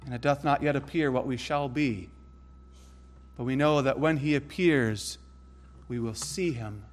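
A man preaching a sermon in an earnest way, rising to emphatic peaks and then dropping low and soft. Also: unhurried.

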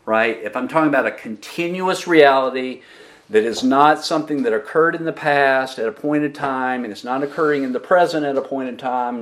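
A man preaching a sermon as a pastor, slow and deliberate, asking the congregation questions and answering them himself, with emphatic pauses on key words. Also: mid-range voice. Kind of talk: expository sermon.

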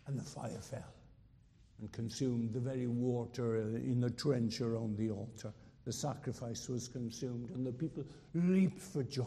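A man preaching a sermon with emphatic rises and dramatic pauses, acting out quotes. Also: mid-range voice, warm tone. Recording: reverberant hall.

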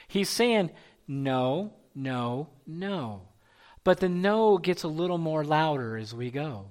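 A man preaching a sermon as pastor, repeating key phrases for emphasis and at times dropping to a hushed, near-whispered delivery. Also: high voice, expressive, measured pace.

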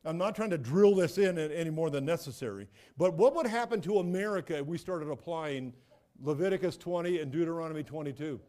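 A man's voice: on the high side, brisk, dark tone. A middle-aged man preaching a sermon as a pastor, emphatic and repetitive, often restarting his phrases.

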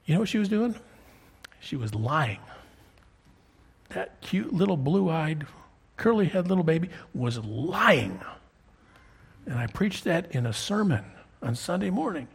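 Gravelly, husky-voiced preacher man. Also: high voice, lively intonation, moderate pace. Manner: conversational storytelling preacher, frequent "okay?" check-ins. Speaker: pastor. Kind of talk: sermon.

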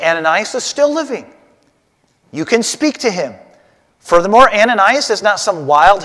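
Lively male Bible teacher in an echoey hall. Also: high-pitched. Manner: animated, questioning the class directly. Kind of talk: Bible lesson.

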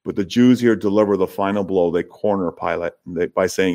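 A man's voice: deep voice, normal speed, darkish tone. A man preaching an expository sermon to his congregation, building to emphatic peaks. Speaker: pastor.

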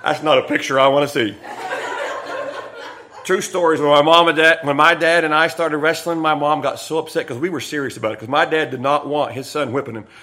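A man's voice: fairly high pitch, fairly even intonation, fairly quick, sharp tone. A man preaching a midweek sermon, folksy and joking as he tells stories to make his point. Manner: folksy, jokey storytelling preacher. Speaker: pastor. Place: church sanctuary. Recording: echoey church room.

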